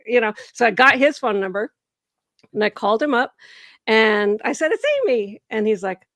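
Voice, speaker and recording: Host, woman, middle-aged: gravelly, lively storyteller, close dry mic. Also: on the high side, moderate pace, no room sound. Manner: animated, acts out quoted voices with laughter. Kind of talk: casual conversational storytelling.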